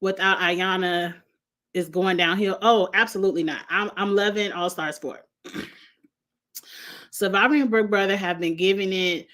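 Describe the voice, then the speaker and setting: A woman's voice: mid-range voice, fairly even intonation, normal speed, a bit bright. A woman, hosting a casual reality TV review, blunt and sassy, with frequent laughs and cursing. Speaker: host of a reality TV review show. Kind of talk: casual chat reading viewer comments.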